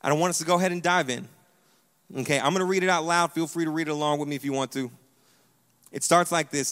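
Male pastor, animated emphatic sermon delivery, slightly higher voice, long hall reverb. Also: fast, long pauses, clean tone. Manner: animated, emphatic preaching with repeated "hear me". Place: church sanctuary.

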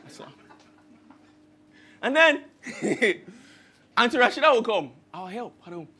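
A man's voice: very high voice, big pitch swings, slow, long pauses, sharp tone, slightly rough. A man, preaching a sermon as pastor and telling stories that act out the voices he quotes. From Nigeria. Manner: storytelling, acts out quoted voices with rising emphasis.

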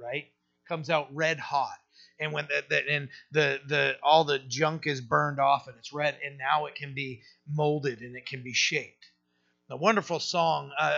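A man's voice: a little high, vocal fry, sharp tone, muffled recording. A middle-aged man preaching a conversational sermon, talking casually with many fillers and restarts. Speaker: pastor.

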